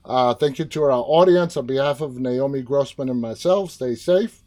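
A man with a mid-pitched voice hosts a casual interview over a video call. He sounds upbeat and keeps things moving toward a quick sign-off. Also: warm tone. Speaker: interview host.

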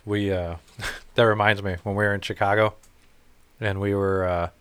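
Low-voiced man telling profane anecdotes. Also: flat delivery, moderate pace, fairly bright tone, clean tone. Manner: profane, rambling, laughing anecdotes. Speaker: podcast co-host. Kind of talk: casual chat, storytelling.

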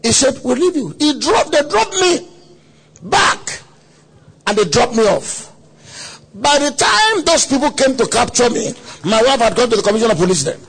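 A man preaching a sermon at a conference, telling a story dramatically with quoted voices and sudden shouts. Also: very high voice, very animated, normal speed, gravelly, slight background noise. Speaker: pastor. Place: conference hall.

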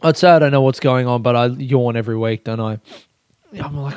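A man's voice: medium pitch, fairly even intonation, a little fast, darkish tone, smooth, no room sound. A young man hosting a casual solo podcast, rambling and self-mocking, swearing often and laughing at himself. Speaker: podcast host.

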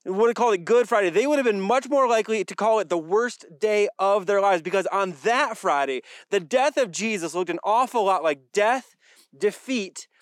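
Male pastor, high voice, conversational sermon delivery with wry asides, dry recording. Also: no echo. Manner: conversational preaching with dry jokes and repeated phrases.

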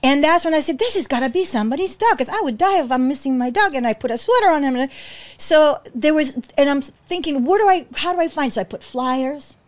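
Woman, high voice, animated storyteller, acts out dialogue, emotional. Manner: acts out quotes with big pitch jumps, emotional, fast restarts. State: near tears. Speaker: podcast guest, rescue founder.

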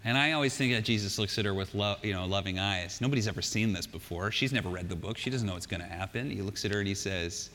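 A male pastor delivering a sermon in a church, conversational and animated, with joking asides. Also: on the low side, fast, hardly any pauses, slight background noise. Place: church sanctuary. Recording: long hall reverb.

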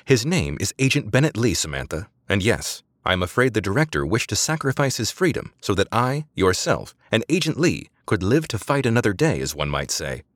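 A man's voice: lowish voice, sing-song, brisk, few pauses, no room sound, studio quality, pitched above the performer's own voice. A man voicing a formal, courtly male ally who speaks in elaborate phrases, in an audiobook. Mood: calm.

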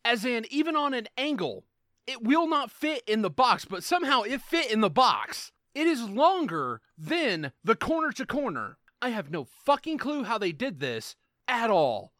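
A man co-hosting a casual podcast chat, ranting in an animated, profane way. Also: very high-pitched, moderate pace, no room sound, clean studio sound. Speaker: podcast co-host.

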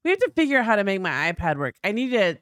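A woman's voice: medium pitch, big pitch swings, very fast, clean tone, no room sound, clean studio sound. A woman with a Southern US accent co-hosting a casual podcast, swearing freely and mimicking voices when she quotes people. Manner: profane, playful, mimics voices when quoting. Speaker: podcast co-host.

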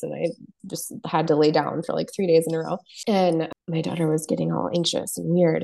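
Podcast guest: woman, 30s, earnest storyteller, low dark voice with a gravelly edge. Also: fairly even intonation, fairly quick. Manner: earnest, explains with stories and frequent laughs. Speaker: podcast guest, palliative nurse practitioner. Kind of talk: candid conversational interview.

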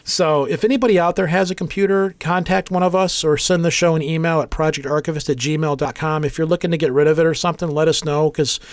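Fast-talking man in his forties. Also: a little high, fairly even intonation, dry recording. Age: 40s. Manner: rambling, joking, acts out quotes. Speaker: podcast co-host. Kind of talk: casual storytelling chat.

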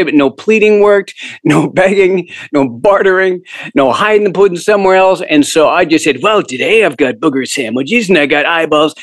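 A middle-aged man from Canada, a humor writer telling stories as a guest in a casual interview, self-deprecating and quick to laugh. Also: high voice, a bit bright, dry recording.

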